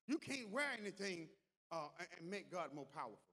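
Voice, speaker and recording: A pastor delivering a sermon in a church, with call-and-response, repeated words and rising intensity. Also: male voice, high voice, sing-song, moderate pace. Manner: call-and-response preaching, repeats words, builds to loud climax. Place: large church hall. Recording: long hall reverb.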